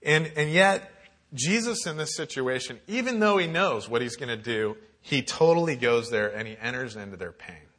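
Young adult male campus minister, earnest conversational sermon, bright voice. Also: medium pitch, expressive, normal speed. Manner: conversational, earnest, reads scripture aloud.

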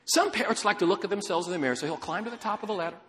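A man voicing an eager, pushy pet store salesman with an upbeat sales pitch, during a sermon. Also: rapid-fire, a bit bright, in a large hall. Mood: salesy.

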